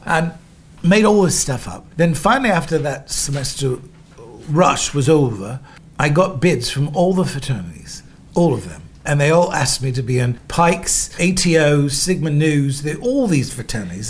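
A middle-aged man hosting a podcast and spinning stories about his own past. His voice sits fairly high for a man and leaps around a great deal. He gushes, then drops into hushed asides. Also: moderate pace. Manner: animated, gushing, swings between loud asides and hushed remarks. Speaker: podcast host. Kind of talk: storytelling monologue.

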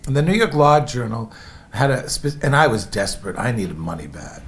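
A man's voice: medium pitch, big pitch swings, moderate pace. A man from Indiana telling stories from his life in a rambling, chatty way and calling his listeners folks. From Indiana, USA. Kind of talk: casual memoir storytelling.

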